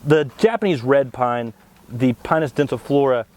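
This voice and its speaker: Guy calmly breaking down japanese maple varieties, mid-pitch voice. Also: normal speed. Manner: steady, explanatory, plant-expert tone. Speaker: co-host of plant show. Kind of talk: informative product talk.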